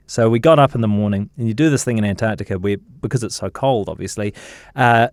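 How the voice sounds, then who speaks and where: A New Zealand journalist in his thirties, telling lively anecdotes in a casual interview, with plenty of fillers and restarts. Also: lowish voice, quick pace, few pauses, no room sound, studio quality. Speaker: journalist guest.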